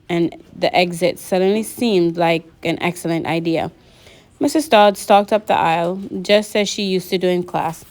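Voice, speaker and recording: Woman reading a kids adventure book out loud, kinda low voice, lively. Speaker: narrator. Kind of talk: reading a novel aloud.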